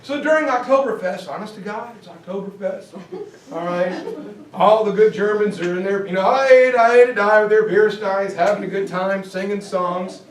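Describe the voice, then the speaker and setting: A man with a high voice gives an animated history lecture, joking and acting things out and breaking into shouts. He sounds echoey and a little distant, as if caught by a mic across a classroom. A faint noise sits under his voice. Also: moderate pace. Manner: jokey, theatrical, bursts into shouts. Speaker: teacher.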